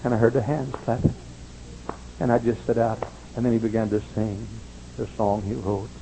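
At normal speed and with a gravelly voice, an older pastor animatedly narrates stories from the pulpit, voicing quoted characters high. The audio is poor, with slight noise behind him.

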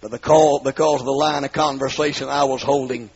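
A man's voice: mid-range voice, flat delivery, normal speed, hardly any pauses. A man preaching his life testimony in a storytelling manner, acting out the dialogue and rising into pleading cries, from the southern United States. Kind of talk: testimony sermon. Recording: muffled, husky lo-fi recording.

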